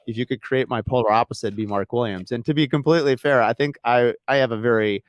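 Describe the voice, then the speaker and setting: Fast-talking builder guest, man, low voice, lively storyteller, dry studio mic. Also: dry recording. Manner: fast, animated anecdotes with laughs. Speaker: custom home builder, podcast guest. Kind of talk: casual storytelling chat.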